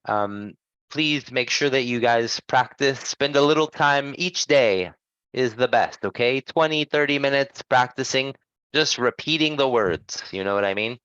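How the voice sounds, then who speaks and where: A man teaching English pronunciation in an online class, drilling words slowly and patiently. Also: medium pitch, a bit bright, clear, resonant tone, no echo, muffled recording.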